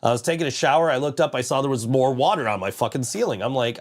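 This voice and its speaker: A man's voice: mid-range voice, lively intonation, fast talker. A man hosting a podcast, telling a rambling story in casual chat, laughing often and swearing freely. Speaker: podcast host.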